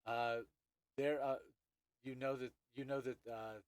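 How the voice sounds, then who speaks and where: A man's voice: mid-range voice, level tone, dry recording. Male game master, hesitant narration, dry mic, medium voice. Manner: halting, many restarts and fillers.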